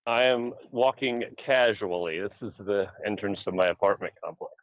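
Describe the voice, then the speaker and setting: A man's voice: fairly low pitch, normal speed, no echo, highs cut off. A man joining a podcast by video call while walking outdoors, chatting playfully. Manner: playful, joking. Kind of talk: casual chat. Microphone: phone on a video call.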